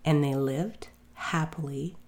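A woman narrating a fairy tale in a measured, expressive storybook reading. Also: low voice.

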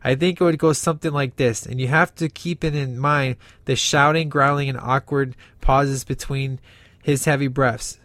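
A man's voice: mid-range voice, fairly even intonation, normal speed, a bit bright, no echo. A man giving casual, sarcastic comedic commentary, answering viewer remarks. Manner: sarcastic and casual, says flippin'.

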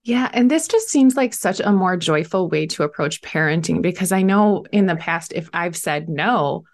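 A woman with a fairly low voice hosts a podcast conversation. She responds warmly and eagerly to her guest and asks follow-up questions in a relaxed, casual way. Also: normal speed. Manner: enthusiastic, affirming listener. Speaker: podcast host. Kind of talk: casual interview chat.

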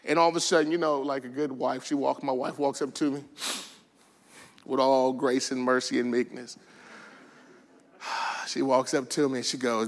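A man preaching a sermon, telling stories with lively bursts of shouting and quiet, soft asides. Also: medium pitch, brisk. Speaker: pastor.

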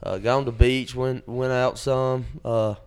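A man co-hosting a podcast spins long, rambling stories stuffed with fillers in a casual chat. His mid-range voice is smooth and barely moves in pitch.

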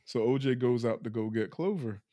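A man's voice: medium pitch, moderate pace, dark tone, no room sound, studio quality. A man hosting a podcast, casually retelling a film plot and laughing often as he goes. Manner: laughs often while retelling, loose and playful. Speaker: podcast host recapping a film. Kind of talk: casual chat.

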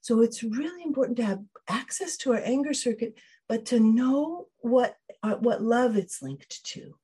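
A woman's voice: on the high side, normal speed, mellow, breathy edge. A woman guest on an interview podcast, explaining ideas thoughtfully with frequent restarts and quoted inner voices. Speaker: podcast guest, emotional wellbeing trainer.

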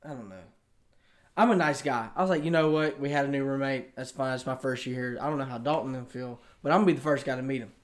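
A young man with a Southern US accent, a college student telling a story in casual chat, animated and acting out the dialogue. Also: medium pitch, quick pace. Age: young adult.

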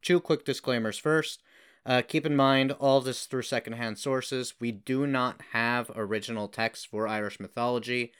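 A man's voice: medium pitch, fairly even intonation, moderate pace, a bit bright, smooth. A man co-hosting a casual film podcast, explaining folklore at length in a hedging, self-deprecating way. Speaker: podcast co-host.

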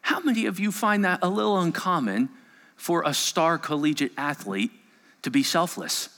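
A pastor delivers a storytelling sermon, his voice moving from near-whispers to raised, urgent peaks. His tone is bright and slightly high for a man. A long reverb trails every phrase, as if the recording was made in a large sanctuary. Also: normal speed. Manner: storytelling with big swings between hushed and raised passages.

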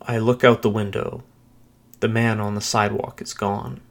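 Guy w a lowish voice narrating a creepy thriller story, calm measured reading. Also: gravelly. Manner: steady, measured dramatic reading. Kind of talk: scripted narration of a first-person thriller story.

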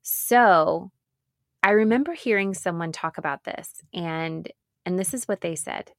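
Woman pastor-speaker, earnest and emphatic, slightly low voice, close and dry. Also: no echo. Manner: earnest, emphatic, with repeated phrases and slow pauses. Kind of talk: reflective spoken talk on grief.

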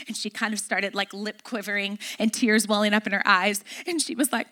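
A woman pastor preaching a sermon, telling a family story and acting out the dialogue with lively energy. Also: high-pitched, moderate pace. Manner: animated storyteller, acts out dialogue.

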